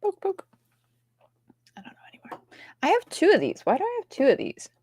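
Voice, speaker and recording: A woman co-hosting a casual livestream chat, playful, sometimes dropping into soft whispers as she shows off her toys. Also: high-pitched, wildly swooping pitch, fast, dry recording, studio quality. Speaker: co-host.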